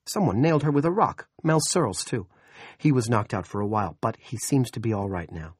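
A man voicing a frazzled middle-aged male police chief who talks out of breath, rapid and worried. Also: medium pitch, lively intonation, breathy edge, no echo, clean studio sound, pitched above the performer's own voice. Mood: harried.

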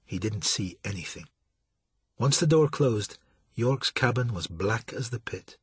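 A man narrating an audiobook in a steady, dramatic storytelling manner, with a husky voice. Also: fairly low pitch, unhurried.

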